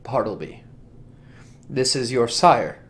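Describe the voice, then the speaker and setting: A cold, condescending vampire prince, put on by a man running a tabletop game speaks in a low, quiet, measured tone. He lectures with steady disdain, like a ruler scolding his court. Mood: cold lecturing. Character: stern, condescending young-looking male vampire prince.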